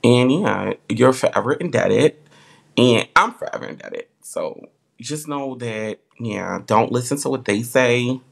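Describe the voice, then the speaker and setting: A man's voice: mid-range voice, animated, measured pace, vocal fry. A man hosting a live stream, chatting casually in a heartfelt, rambling way full of filler words.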